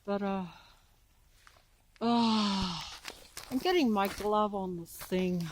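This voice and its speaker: A woman's voice: medium pitch, a little hiss or hum, poor audio. Breathless woman rambling on a park walk. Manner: trailing off, halting and restarting. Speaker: vlogger filming on a walk. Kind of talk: rambling walking commentary. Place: outdoor park. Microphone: handheld phone.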